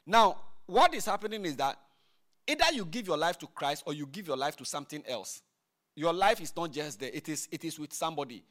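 A male preacher with a slightly high voice delivers a sermon in an emphatic, repetitive style. He keeps asking his listeners "all right?" and "do you see?" as he explains each point. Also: animated, a little fast. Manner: repeats phrases, asks the audience "all right?"; builds from quiet prayer to loud emphatic preaching.

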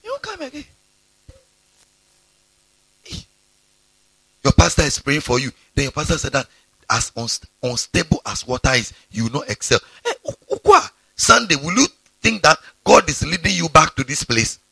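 A male pastor preaches a sermon, his gravelly voice swinging widely in pitch and leaping into sudden high exclamations. The tone is bright and a little husky, and the recording is dry and close. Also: expressive, moderate pace, no echo.

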